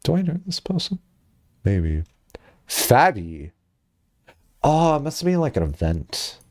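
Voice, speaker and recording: A man chatting casually on a live stream, rambling and laughing often, jumping up high when excited, on a headset mic. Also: unhurried, no room sound, clean studio sound.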